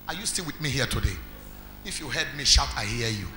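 A man with a Nigerian accent preaching a sermon as pastor, quizzing the congregation and building to shouts. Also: mid-range voice, lively intonation, brisk, a little hiss or hum. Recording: echoey hall with faint music.

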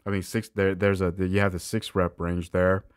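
A man hosting a reaction video, ranting with crude, sarcastic mockery and swinging between loud outbursts and low mumbles. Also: little pitch movement, normal speed, clear, resonant tone, dry recording, clean studio sound. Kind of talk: profane ranting reaction commentary.

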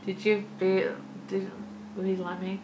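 A woman in her thirties chatting excitedly about a song she just watched, gushing and breaking into giggles. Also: mid-range voice, moderate pace, reverberant, noisy background. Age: 30s. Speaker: music reaction YouTuber. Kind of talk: excited casual reaction chat.

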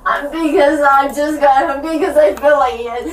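A woman's voice: high voice, moderate pace. A woman crying and laughing through sobs as she pleads with police not to arrest her. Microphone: police body camera. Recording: echoey, distant body-cam audio.

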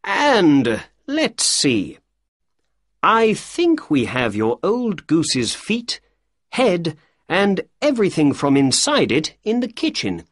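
A man voicing a brilliant, confident male detective, speaking lively and emphatically in a raised voice for a storybook reading. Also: takes it slowly, no echo, clean studio sound, exaggerated voice. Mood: polite. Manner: lively and emphatic, higher and louder than the narration.

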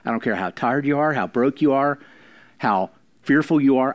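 A man pastor preaching a sermon, slowing down for emphasis and dropping to quiet, intimate lines between louder emphatic ones. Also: mid-range voice, lively intonation. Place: church.

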